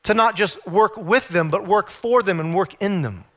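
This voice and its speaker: A male preacher with a high, bright and forceful voice gives an emphatic sermon at normal speed. He repeatedly poses rhetorical questions to his listeners and presses hard on his key points.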